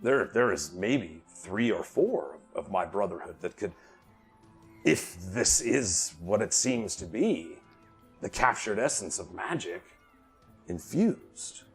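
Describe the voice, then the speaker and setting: A man's voice: lowish voice, takes it slowly, husky, soft background music. A man narrating as dungeon master in a tabletop game, talking animatedly and voicing the characters. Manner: animated, drops to a hushed voice for a character, bursts into loud outbursts.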